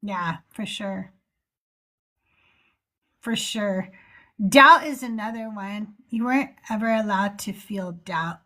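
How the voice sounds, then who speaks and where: A woman's voice: medium pitch, slow pace, pauses often. A woman hosting a call-in stream, talking casually and ranting heatedly with plenty of swearing. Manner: heated, profane, animated rants. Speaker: host of a call-in show. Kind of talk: casual livestream chat.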